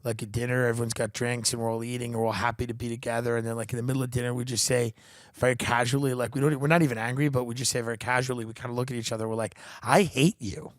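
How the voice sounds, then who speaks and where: A man's voice: mid-range voice, level tone, very fast, no echo, clean studio sound. A man hosting a comedy podcast, riffing in a profane, sarcastic, rambling monologue.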